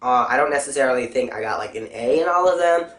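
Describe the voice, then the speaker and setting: A woman's voice: extremely low pitch, quick pace. Young woman ranting bluntly in a roomy space. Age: young adult. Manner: profane, blunt, animated ranting. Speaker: vlogger. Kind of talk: casual ranting vlog. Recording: roomy echo.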